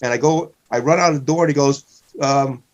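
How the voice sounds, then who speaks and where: A man's voice: mid-range voice, a little fast, muffled recording. A man, a comedian, casually telling a rambling story, often restarting and stopping himself. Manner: rambling, self-interrupting.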